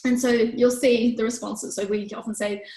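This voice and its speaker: A woman's voice: flat delivery, normal speed, dark tone. A woman, teaching a parenting workshop in a chatty way and acting out quoted lines. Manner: chatty, acts out quoted lines in higher voices. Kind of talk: online workshop talk. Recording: echoey room.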